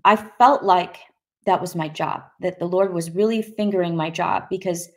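A woman's voice: fairly low pitch, normal speed. A woman sharing her personal testimony in an emphatic, vivid storytelling manner. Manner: vivid and emphatic, acting out quoted voices.

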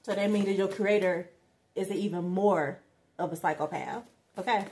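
A woman's voice: medium pitch, steady tone, normal speed, darkish tone, slight background noise. A woman giving a casual tarot reading who talks bluntly and swears a lot, speaking straight to her viewers in slang. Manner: slangy, emphatic, bursts of laughter. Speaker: tarot reader.

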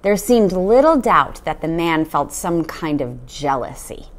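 A woman reading a children's novel aloud, with an expressive storytelling manner. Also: deep voice, unhurried. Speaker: storybook reader.

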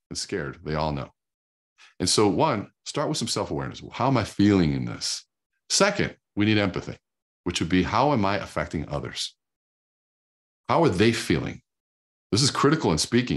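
A middle-aged man giving a conversational, emphatic motivational talk, often repeating his points for stress. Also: sits low. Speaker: speaker.

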